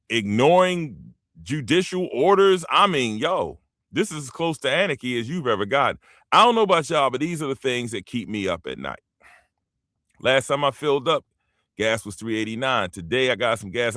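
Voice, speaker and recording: A man's voice: medium pitch, dry recording, clean studio sound. A man from the United States hosting his own show, rambling through casual opinion commentary and talking straight to his listeners. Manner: animated, rambling, emphatic, addresses listeners directly. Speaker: show host.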